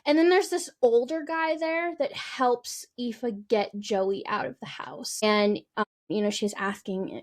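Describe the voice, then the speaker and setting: A woman's voice: medium pitch, a little slow. Female co-host, casual and talkative, recapping a book. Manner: chatty, lots of "like" and "um", retells scenes. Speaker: podcast co-host.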